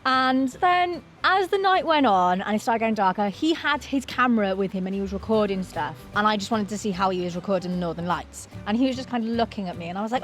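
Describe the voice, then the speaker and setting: A woman's voice: medium pitch, fast, hardly any pauses. A young British woman casually and teasingly telling how she met her partner. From United Kingdom. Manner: chatty, animated, teasing. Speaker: co-host of couple vlog. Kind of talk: casual storytelling.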